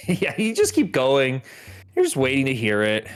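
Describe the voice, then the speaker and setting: A man's voice: mid-range voice, huge pitch swings, moderate pace, smooth, soft background music. A man playing along on a game stream, joking and teasing in casual banter. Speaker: co-player. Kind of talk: casual gaming chat.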